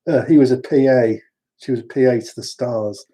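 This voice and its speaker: A man's voice: medium pitch, normal speed, dark tone, husky. A man from London, chatting through wandering personal stories with frequent restarts. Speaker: storyteller. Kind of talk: rambling personal anecdotes.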